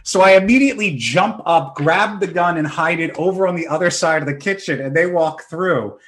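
A man's voice: on the high side, moderate pace. A man in his thirties, a podcast host, telling self-mocking stories in a casual chat. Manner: animated, self-mocking storyteller.

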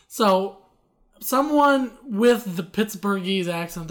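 A woman from Eastern Pennsylvania co-hosts a casual podcast, explaining regional words with playful opinions. Her voice sits at an ordinary middle pitch, and she talks in easy, chatty bursts. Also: expressive, unhurried. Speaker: podcast co-host. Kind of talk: casual chat.

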